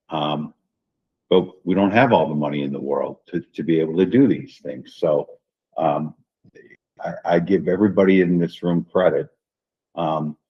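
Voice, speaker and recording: Deep, husky male administrator, folksy board-meeting delivery, lo-fi room audio. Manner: folksy, repeats phrases, says "right?" often. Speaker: school district administrator. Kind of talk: school board workshop remarks.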